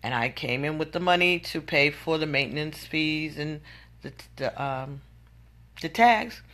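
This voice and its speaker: Exasperated woman venting, bright voice. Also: deep voice, a little slow. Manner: exasperated, incredulous storytelling. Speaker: vlogger. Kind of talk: venting monologue.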